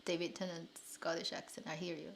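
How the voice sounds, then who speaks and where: A woman's voice: fairly low pitch, little pitch movement, fairly quick, gravelly, a little hiss or hum. A woman from China hosting a casual live stream, chatting and answering comments with frequent laughs and restarts. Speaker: drama channel host.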